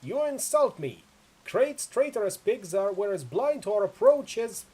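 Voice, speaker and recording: A man voicing a proud male pirate captain in a video game, barking slow, indignant replies. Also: sits high, very animated, a little mellow, slightly rough, voice pushed up, exaggerated voice.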